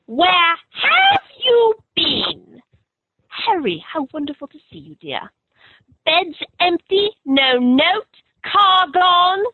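A shrill frantic scolding mother. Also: wildly swooping pitch, slow, no echo, heavily acted. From Texas, USA. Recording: tinny dry phone line.

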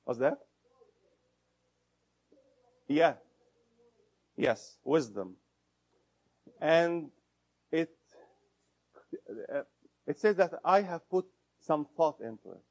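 A man's voice: fairly high pitch, lively intonation, extremely slow, pauses often. A man giving an interactive lecture, repeating his points and asking the audience questions as he goes. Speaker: instructor.

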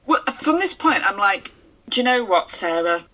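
A woman's voice: medium pitch, very animated, normal speed, sharp tone, rough recording. A woman in casual chat, chiming in with wry, skeptical comments.

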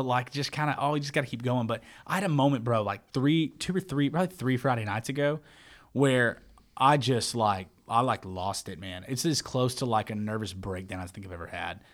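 A man's voice: mid-range voice, a little fast. Man, 30s, church media worker, casual rambling storyteller, medium voice. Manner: animated, rambling, says man and bro.

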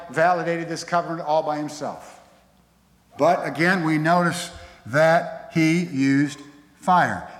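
A man's voice: a little high, a bit bright. Preaching man in an echoey hall. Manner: conversational, emphatic preaching. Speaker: pastor. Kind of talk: sermon. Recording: echoey hall with long reverb.

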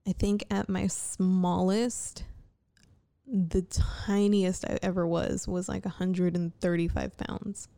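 Gravelly-voiced woman rambling late at night. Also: on the low side, flat delivery, slow, warm tone. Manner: candid, profane, rambling with frequent restarts. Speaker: vlogger.

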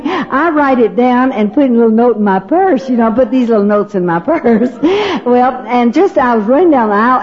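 A woman with a slightly high voice tells funny stories to an audience at a women's gathering, laughing and acting out the voices with lots of animation. The recording is dull and lo-fi.

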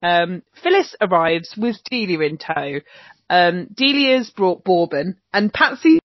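A woman's voice: on the low side, expressive, a little slow, dry recording. A woman co-hosting a podcast, recapping a TV episode in casual, sweary chat full of ums. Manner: chatty, swearing, many ums. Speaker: podcast co-host. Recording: dull lo-fi dry recording.

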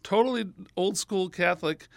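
A man telling a funny story as a guest on a radio show, lively and animated, acting out other people's voices with big jumps in pitch. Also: normal speed, vocal fry, no room sound, clean studio sound.

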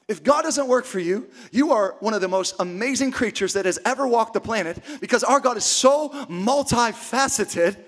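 A man preaching a sermon as pastor, emphatic and repetitive, swinging from shouts down to hushed near-whispers. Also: extremely high pitch.

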